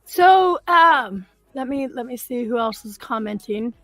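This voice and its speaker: A woman with a high voice hosts a casual chat and reads viewer comments aloud. Her voice is close and dry, with faint music in the background. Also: animated, a little slow, no room sound, low-quality recording. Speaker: host reading viewer comments.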